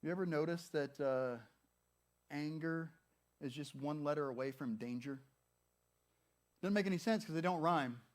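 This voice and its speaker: A man in his thirties delivers a sermon in a chatty, playful way. His voice sits a bit high for a man. He slips into little acted-out voices for people's thoughts. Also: normal speed, long pauses. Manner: conversational and humorous, acts out quoted thoughts. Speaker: pastor.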